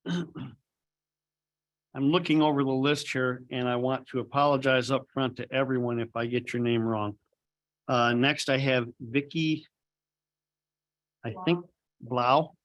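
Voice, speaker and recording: A man's voice: mid-range voice, steady tone, slow, long pauses, a bit bright, muffled recording. A man chairing a public meeting, politely calling up speakers.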